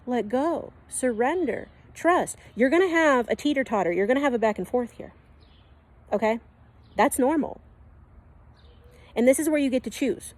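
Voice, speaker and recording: A woman's voice: fairly high pitch, animated, normal speed, a little mellow. A woman who gives spiritual readings, teaching in a casual and emphatic way and checking in often with "okay?" and "right?". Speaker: spiritual reader.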